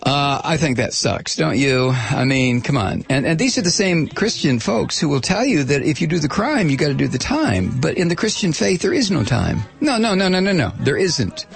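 A man's voice: fairly high pitch, sing-song, moderate pace, vocal fry, few pauses, faint music behind. A man hosting a talk radio show, delivering a sarcastic, combative opinion monologue.

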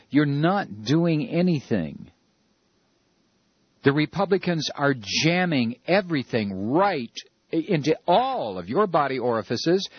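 Husky, animated talk radio man. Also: fairly high pitch, unhurried, no room sound, muffled recording. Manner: ranting, sarcastic, rambling with many fillers. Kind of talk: opinionated talk radio monologue.

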